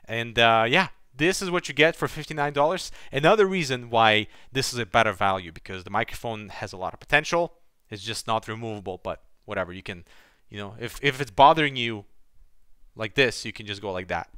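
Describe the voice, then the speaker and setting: A man talks casually through a headset review, testing microphones and clicking through settings. His voice is bright and forward, and the sound is dry and close, with no room echo. His delivery is relaxed and conversational. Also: mid-range voice, a little fast, smooth. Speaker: tech reviewer. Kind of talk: product review narration. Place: home desk setup. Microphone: headset microphones under test.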